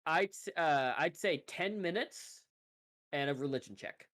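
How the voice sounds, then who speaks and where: A man narrating as game master in a loose, rambling way, quick to laugh. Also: fairly high pitch, animated, fairly bright tone.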